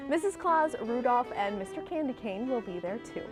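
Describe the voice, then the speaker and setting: A woman from New Orleans anchors a morning newscast in a studio. Her voice sits a touch high, and she moves easily between crisp story reads and bright, teasing chatter with her co-anchor. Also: expressive, moderate pace, over music. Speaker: TV news anchor. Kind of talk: morning news reading and co-anchor banter. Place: TV news studio.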